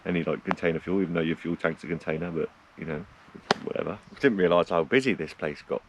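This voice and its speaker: A man's voice: deep voice, fast talker, highs cut off, background noise. A middle-aged man from the UK talking casually to his camera outdoors on a road trip, rambling and laughing at himself. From United Kingdom. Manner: chatty, rambling, laughs often, self-deprecating. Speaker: vlogger on a van road trip. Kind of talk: casual vlog talk to camera. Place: outdoors by a lake, cold morning.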